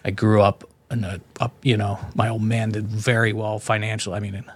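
A man's voice: lowish voice, level tone, normal speed, husky. A man telling his own story as a podcast guest, in a candid, blunt and profane way, with frequent restarts.

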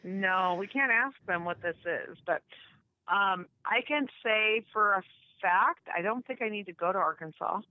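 A woman's voice: medium pitch, a little slow, dry recording, muffled recording. A woman co-hosting a casual chat show, blunt and emphatic, swearing freely. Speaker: podcast co-host.

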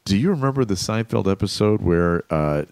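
Low-voiced joking man. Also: expressive, brisk, gravelly, darkish tone, clean tone, no echo. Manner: laid-back, joking, trailing off. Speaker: podcast co-host. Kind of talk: casual chat.

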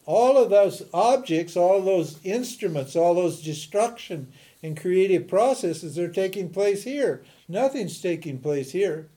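A man teaching a class as a spiritual teacher in an informal lecture, animated and chatty, laughing often and restarting his sentences. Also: high voice, a little slow.

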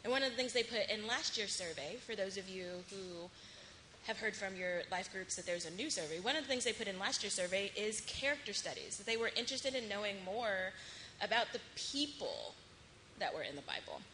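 A woman's voice: medium pitch, expressive, brisk, pushed and bright. A woman pastor hosting a question and answer time in church, playful and joking about herself. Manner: playful, laughing, self-deprecating. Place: church sanctuary. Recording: echoey room with background noise.

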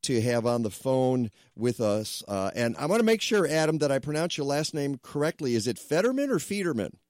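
A man's voice: mid-range voice, lively intonation, brisk, darkish tone, dry recording, clean studio sound. A man hosting a radio talk show, chatting loosely with restarts and asides.

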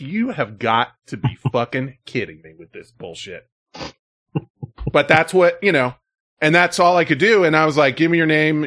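A man, a live streamer telling a story to his chat in a casual, profane, animated way, full of "like" and "you know". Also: mid-range voice.

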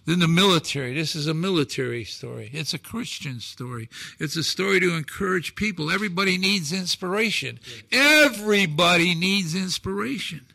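A man in his sixties telling stories as a talk show guest, acting out dialogue with shouted quotes and emphatic delivery. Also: fairly high pitch, a little fast, gravelly, few pauses, no room sound. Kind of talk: animated storytelling on a talk show.

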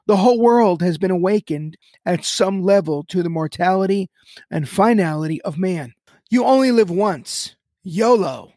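A man's voice: high-pitched, expressive, moderate pace, a little mellow, no room sound, studio quality. A man hosting a Christian podcast, talking with an emphatic, preacherly cadence. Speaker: podcast host. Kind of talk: podcast chat on Christian topics.

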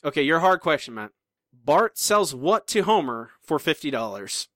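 A man's voice: a little high, big pitch swings, normal speed, fairly bright tone, dry recording, studio quality. A man co-hosting a podcast in casual chat, teasing and self-deprecating as he runs a trivia game. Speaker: podcast co-host.

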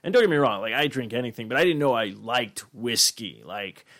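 A man's voice: mid-range voice, brisk. A man co-hosting a casual podcast chat, ranting and swearing freely. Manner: profane, ranting, animated. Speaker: podcast co-host.

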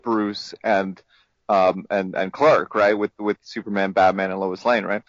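Low-voiced rambling man on a podcast. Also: flat delivery, unhurried, no room sound. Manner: rambling, many fillers and restarts. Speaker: podcast co-host. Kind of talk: casual chat. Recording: dull lo-fi dry podcast mic.

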